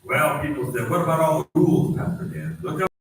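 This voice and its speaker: A man preaches from the pulpit in a strong, clear, fairly high voice. He tells stories and hammers phrases through repetition. The sound is very roomy and comes from a little way off the mic, with faint hall noise behind it. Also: fairly quick, recorded from a distance. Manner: animated storytelling, repeating phrases for emphasis. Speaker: pastor. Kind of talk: sermon. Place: church sanctuary.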